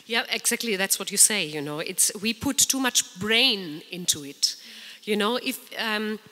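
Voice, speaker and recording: Bright-voiced woman guiding an audience. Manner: animated, swoops her voice high and low to demonstrate. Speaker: soprano singer speaking at a symposium. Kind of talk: informal talk guiding an audience in singing. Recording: long reverb of a large hall.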